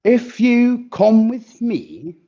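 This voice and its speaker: A man voicing a pompous male British Bulldog wooing a poodle, in grand, slow, showy speech. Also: extremely high pitch, animated, dark tone, muffled recording, pitched above the performer's own voice, full character voice. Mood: grandiose.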